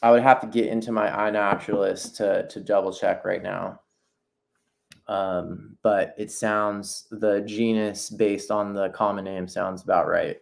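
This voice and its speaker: A man's voice: fairly low pitch, flat delivery, unhurried, gravelly. A man teaching nature journaling in a casual live demonstration, thinking aloud as he paints, breaking off and restarting sentences while encouraging viewers to sketch along.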